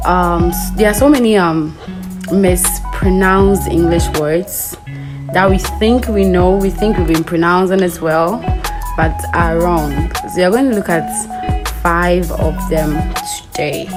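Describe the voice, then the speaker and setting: A woman hosting an English pronunciation lesson. She speaks deliberately, spells words out letter by letter and checks that the viewer understands. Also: on the low side, poor audio. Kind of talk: spoken language lesson.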